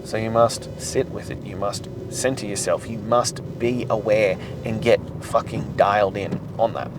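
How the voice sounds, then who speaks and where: A man's voice: fairly low pitch, fairly even intonation, measured pace. A man hosting a motivational podcast, talking intensely and emphatically with frequent swearing, with a faint background hum. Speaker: podcast host. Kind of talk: motivational monologue.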